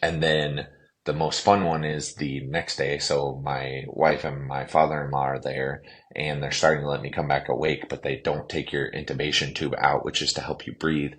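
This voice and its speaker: A man, a clinician guest on a podcast, telling a personal story in a casual, animated way, with plenty of "like" and "you know". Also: a bass voice, moderate pace.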